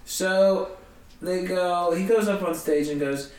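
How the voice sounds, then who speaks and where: High-voiced man telling a comic story. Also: takes it slowly, reverberant, far from the mic. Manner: animated, self-mocking storytelling. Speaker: comedian guest. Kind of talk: storytelling conversation.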